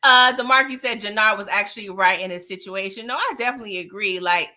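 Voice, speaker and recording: A woman's voice: mid-range voice, fast talker, pushed and bright. A woman casually recapping TV episodes for her viewers, chatty and slangy, talking straight to the audience. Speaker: TV show recap vlogger.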